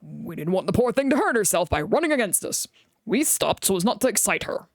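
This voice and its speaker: A woman's voice: medium pitch, sing-song, brisk, no echo, clean studio sound. A woman voicing a big, proud male engine who talks down in a pompous, huffy way. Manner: pompous, condescending.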